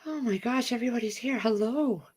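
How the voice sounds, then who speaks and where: A talkative woman with a slightly raised voice runs a relaxed livestream from her house. She rambles from one thing to the next and calls out hello to viewers by name. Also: a little high, a little fast, breathy edge. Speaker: livestream host. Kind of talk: casual livestream chat. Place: at home.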